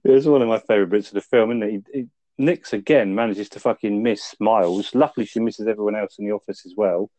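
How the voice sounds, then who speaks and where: A man's voice: fairly low pitch, fast, dark tone, no room sound. Laid-back man recapping a film. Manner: laid-back, swears a lot, laughs while retelling scenes. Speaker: film review podcast host. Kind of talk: casual chat, recapping a film.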